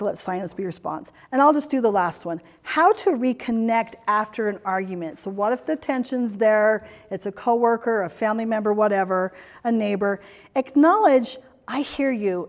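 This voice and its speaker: A fairly high-voiced woman runs a workshop as a corporate trainer, encouraging her audience in a chatty way. She acts out playful little examples as she goes. Her voice carries a long hall reverb. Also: a little mellow. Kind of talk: workshop presentation to a retreat audience. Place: retreat venue meeting room.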